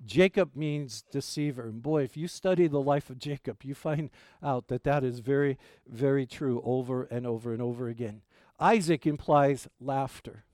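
A man's voice: medium pitch, normal speed, mellow, no room sound, clean studio sound. A middle-aged male pastor preaching a sermon, telling family stories in a folksy, rambling way with many fillers.

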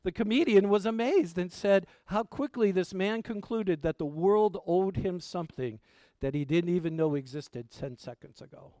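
Speaking high and at a moderate pace, a male pastor gives a conversational sermon. He poses rhetorical questions to the congregation and swings from loud, emphatic lines to quiet asides. The recording is dry, with clean studio sound.

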